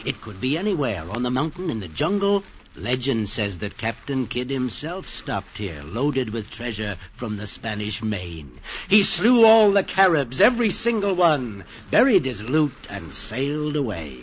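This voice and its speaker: A sly, insinuating beachcomber in a 1950s radio drama. He talks with an amused, teasing lilt and lively pitch. The sound is dull and lo-fi. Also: measured pace, slight background noise. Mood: storytelling. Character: sly, sneaking male beachcomber painter. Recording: dull lo-fi old radio broadcast.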